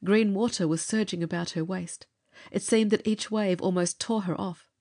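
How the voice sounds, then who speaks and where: A woman narrating an adventure story aloud, with measured, expressive storytelling. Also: medium pitch. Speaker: audiobook narrator. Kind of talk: dramatic audiobook narration.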